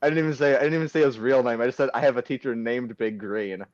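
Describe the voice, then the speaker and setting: A teenage guy hosts a loose podcast chat over a phone call, rambling and restarting his sentences, quick to laugh. His voice sits at a middle pitch. The line sounds dry and dull. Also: dry recording. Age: teens. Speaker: podcast host. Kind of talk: casual chat.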